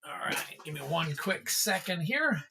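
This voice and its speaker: A man's voice: fairly high pitch, very animated, unhurried, background noise. A man hosting a trading card livestream, chatting casually and thanking viewers by name.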